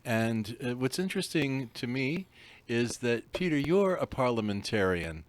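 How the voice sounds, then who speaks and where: A man's voice: medium pitch, very animated, unhurried, dry recording. Male radio host, dry booth sound, inquisitive. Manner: inquisitive, short backchannels. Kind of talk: radio interview.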